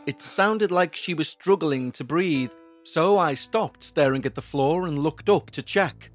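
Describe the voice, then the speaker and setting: A man narrating a scripted horror story in a slow, measured, tense way. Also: fairly high pitch, fairly bright tone. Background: faint background music.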